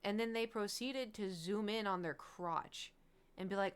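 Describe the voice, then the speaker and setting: A woman's voice: medium pitch, a little slow, long pauses, clean tone. A woman livestreamer in casual, rambling chat, candid and swearing freely with frequent laughs.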